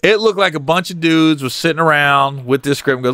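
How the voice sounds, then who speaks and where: A male comedian hosting his podcast, telling stories in an animated, profane way and laughing at his own jokes. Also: a little high, fairly quick, no echo, studio quality. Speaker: podcast host.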